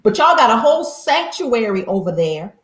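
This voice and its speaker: A woman hosting a heated call-in debate, pressing her guest with sharp, pointed questions. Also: a little high, big pitch swings, normal speed, roomy sound. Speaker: host.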